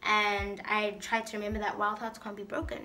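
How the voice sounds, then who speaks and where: A woman's voice: mid-range voice, completely flat delivery, a little fast, pushed and bright. A woman vlogger chatting casually through a get-to-know-me Q&A, reading out each question and answering it in a playful, talkative way.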